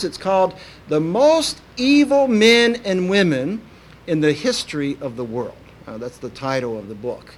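A man's voice: fairly high pitch, a little hiss or hum. A man from preaching a sermon in a folksy, anecdotal way, with many "uh" fillers. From Kentucky, USA.

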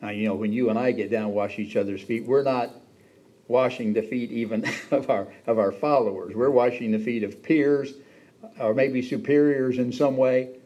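A man's voice: mid-range voice, fairly even intonation, moderate pace, mellow, highs cut off. A man preaching a sermon in a conversational way, acting out the quoted lines with a raised voice. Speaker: pastor.

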